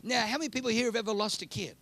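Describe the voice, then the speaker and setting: A man preaching a sermon, telling a funny personal story and building to loud, repeated questions. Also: high-pitched, racing, no room sound. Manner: animated, rising to shouting repetition. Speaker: pastor.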